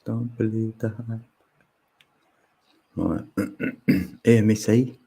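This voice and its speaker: A man's voice: on the low side, fairly even intonation, extremely slow, gravelly, mellow, breathy edge. A man hosting a live stream, chatting casually and laughing often. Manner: laid-back, laughs often, chatty slang. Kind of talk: casual chat. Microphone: phone.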